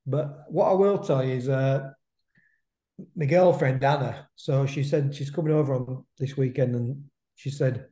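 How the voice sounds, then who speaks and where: Mellow-voiced man in his fifties. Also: medium pitch, a little slow. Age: 50s. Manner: chatty, repeats himself, drops in "mate" and "isn't it?" tags. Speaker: podcast co-host. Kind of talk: casual chat about boxing. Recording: roomy echo.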